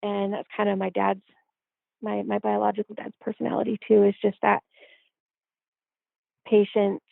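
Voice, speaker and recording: A woman guest telling a personal story in a reflective way, filling pauses with "you know". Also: mid-range voice, completely flat delivery, creaky, no echo. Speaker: podcast guest. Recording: tinny phone-like line.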